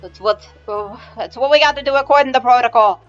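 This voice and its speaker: A woman puts on a gruff male train conductor with a Scottish accent, plain-spoken and bound to the rules. He talks in a folksy, blunt way. The tabletop-game recording sounds muffled and lo-fi, with faint music behind. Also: fairly high pitch, brisk, lightly acted. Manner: blunt, folksy, protocol-minded.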